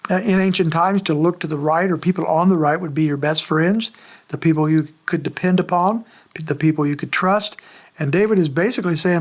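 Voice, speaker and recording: Man preaching with a raised pitch. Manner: conversational, measured preaching with frequent pauses. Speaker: pastor. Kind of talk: expository sermon.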